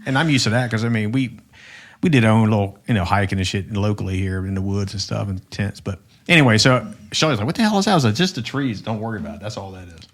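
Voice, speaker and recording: A middle-aged podcast co-host rambles through a story in casual chat, profane and restarting often. His voice is on the low side and fast.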